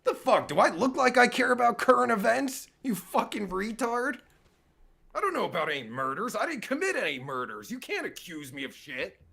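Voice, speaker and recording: A man's voice: high voice, sing-song, normal speed, creaky, sharp tone, slightly rough. A man giving sarcastic, taunting commentary as a podcast guest, swearing heavily and mocking his host.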